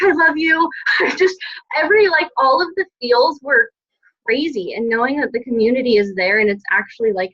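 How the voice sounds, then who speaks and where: A team coach shares an emotional, casual story about her weekend with her team over a group call, gushing warmly and saying "like" constantly. Her voice is on the high side and a bit bright, and the call audio is dull and lo-fi.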